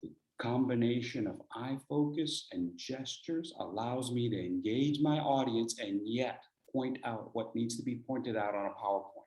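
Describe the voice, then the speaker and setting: A man's voice: medium pitch, normal speed, few pauses, darkish tone. A man presenting a speaking workshop over a video call, playful and teasing, firing off rhetorical questions. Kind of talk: energetic instructional talk. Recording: echoey room.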